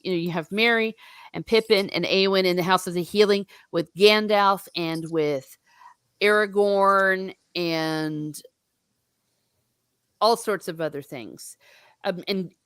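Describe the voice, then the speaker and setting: A woman hosts a casual book discussion with a chatty, enthusiastic manner and frequent laughs. Her voice sits at a middle pitch, and the sound is dry and close. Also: a bit bright, clean tone, no echo. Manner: chatty, laughs often, quick asides. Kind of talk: casual chat.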